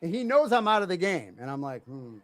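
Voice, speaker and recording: A man's voice: sits high, big pitch swings, brisk, dry recording. A middle-aged man co-hosting a podcast, telling a family story in casual chat and acting out his kids' voices. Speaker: podcast co-host.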